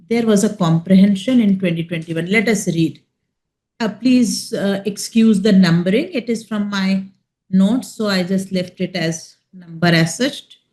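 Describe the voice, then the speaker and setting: A woman with an Indian English accent giving a chemistry lecture, explaining slowly and checking in with her students. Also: medium pitch, a little mellow. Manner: slow, emphatic explaining with frequent check-ins. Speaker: chemistry teacher. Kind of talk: classroom lecture.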